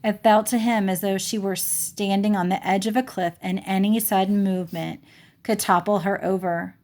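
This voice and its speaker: A woman reading a children's novel chapter aloud in an unhurried way, fixing small slips as she goes. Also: medium pitch, fairly even intonation, darkish tone. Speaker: audiobook reader.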